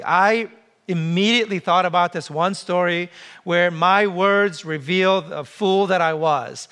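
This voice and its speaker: High-voiced man preaching with humor. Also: unhurried, a bit bright, clear, resonant tone. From came to the US as a child. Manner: conversational preaching with humor and rhetorical questions. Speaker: pastor. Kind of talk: sermon.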